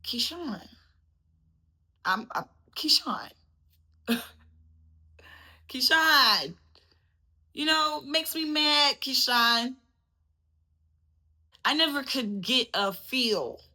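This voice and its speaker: A woman's voice: high-pitched, animated, extremely slow, long pauses, bright, forceful tone. A woman hosting a casual boxing commentary vlog, chatty and laughing, calling her viewers baby. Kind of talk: casual chat to camera.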